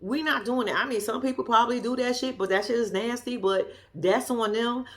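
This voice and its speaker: A woman's voice: on the high side, a little fast, a bit bright. A woman giving a sassy, profane, casual commentary as she recaps a reality show episode. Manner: blunt, profane, sassy storytelling.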